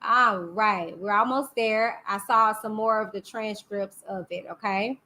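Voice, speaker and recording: A woman's voice: medium pitch, steady tone, measured pace, pushed and bright. A woman hosting a casual live-stream commentary, sassy and chatty, talking back to her chat. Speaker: YouTube host.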